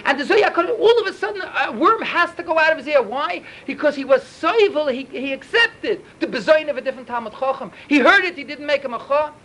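Man, Talmud teacher, high voice, very fast, animated storytelling. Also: low-quality recording. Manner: animated, rapid storytelling peppered with Yiddish and Hebrew terms. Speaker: Torah teacher.

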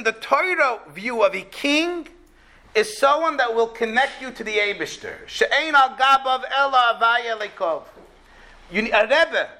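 A man giving an animated Torah class, explaining a verse step by step and acting out what the people in it say. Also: extremely high pitch. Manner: animated, acts out quotes. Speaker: Torah teacher.

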